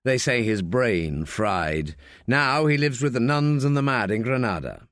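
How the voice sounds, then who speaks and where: Male audiobook narrator, unhurried and animated, dry close sound. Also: medium pitch, no room sound. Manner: slow, lively reading with voiced characters. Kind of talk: scripted narration.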